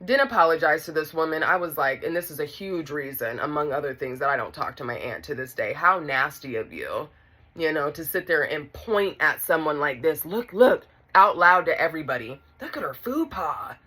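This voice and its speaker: A woman telling a personal story in a casual, animated way, talking straight to her viewers. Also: low-pitched, fairly quick.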